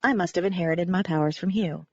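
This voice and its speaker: A woman's voice: fairly low pitch, fast talker, a little mellow, dry recording. A woman narrating a first-person audiobook in a wry, conversational way. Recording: dry, slightly dull recording.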